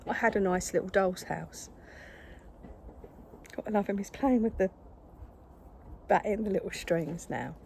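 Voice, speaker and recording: A woman's voice: medium pitch, unhurried, creaky, pauses often, darkish tone, a little hiss or hum. Chatty older woman vlogging. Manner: chatty, exasperated, scolds her cat. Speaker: craft vlogger. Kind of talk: casual chat to camera. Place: home craft table.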